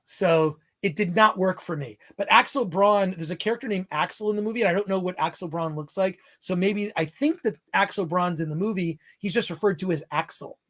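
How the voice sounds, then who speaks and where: Man, podcast host, high pitch, rambling, jokey, reads viewer comments. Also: a little fast, hardly any pauses, a bit bright. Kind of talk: live-stream chat.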